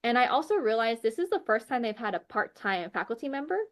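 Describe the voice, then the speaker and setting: A woman with a slightly high voice recounts a turning point in her life as a podcast guest. She speaks earnestly and gratefully, scattering "like" and "you know" through her sentences. She slips into the voices of the people she quotes. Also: fast. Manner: animated storyteller who acts out quoted dialogue; heavy use of "like" and "you know" fillers. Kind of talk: personal faith testimony, conversational.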